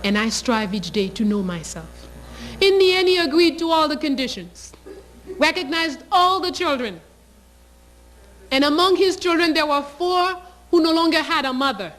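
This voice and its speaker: High-voiced older woman storyteller. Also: lively intonation, normal speed, a bit bright, poor audio. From Haiti. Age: 60s. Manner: passionate, emphatic storyteller. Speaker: teacher. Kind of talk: storytelling interview.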